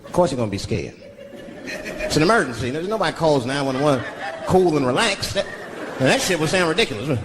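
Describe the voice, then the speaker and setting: A man's voice: on the high side, sing-song, brisk, pauses often, heavy background noise. A man from Washington, D.C. doing stand-up comedy, telling stories with many put-on voices, recorded live at a show. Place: comedy stage before a large audience. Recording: live show with loud crowd laughter.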